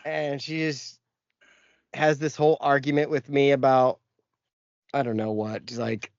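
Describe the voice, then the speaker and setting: A man hosting a casual podcast rattles off a profane story about a family run-in and acts out every quoted line. His voice sits at an ordinary male pitch. The recording is dry and slightly dull and lo-fi. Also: normal speed, no room sound. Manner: profane, animated anecdote with acted-out quotes. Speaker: podcast host.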